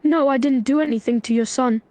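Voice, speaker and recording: A synthetic female voice reading the lines of a stern young man who lectures in an even tone. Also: high voice, fairly quick, dry recording, natural voice.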